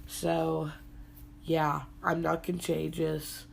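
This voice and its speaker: A young woman hosting a casual solo podcast, congested and hoarse from being sick, talking in a low-energy, laid-back way. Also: completely flat delivery, extremely slow, a little hiss or hum. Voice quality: hoarse, husky from illness. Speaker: podcast host.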